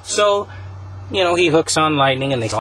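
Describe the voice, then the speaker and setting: A man hosting a casual podcast, rambling through a story pitch with many fillers. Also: normal speed, a bit bright, a little hiss or hum, rough recording. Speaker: podcast host.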